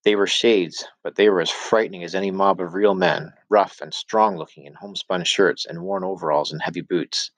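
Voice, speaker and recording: A man reading a novel chapter aloud as an audiobook narrator, steady storytelling with voiced dialogue. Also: deep voice, normal speed, hardly any pauses, no room sound. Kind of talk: scripted narration.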